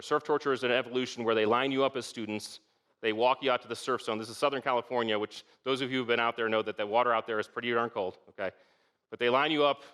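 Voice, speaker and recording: A man's voice: mid-range voice, pushed and bright, clean tone. A middle-aged man giving a conference leadership talk in a conversational way, often asking "okay?" and "right?" to check in with the audience. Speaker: keynote speaker.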